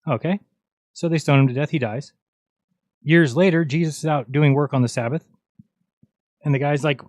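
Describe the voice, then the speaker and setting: A man's voice: medium pitch, fairly quick, long pauses, darkish tone, no echo, clean studio sound. A man hosting a livestream, talking casually in an exasperated, mocking, argumentative way. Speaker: livestream host. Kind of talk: casual ranting livestream talk.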